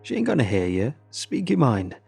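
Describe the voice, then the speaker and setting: A man's voice: on the low side, wildly swooping pitch, moderate pace, vocal fry, darkish tone, breathy edge, soft background music, full character voice. A man voicing Charlie, a drunk, cheeky soldier who slurs and jokes crudely. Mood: slurred teasing. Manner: slurring, cheeky.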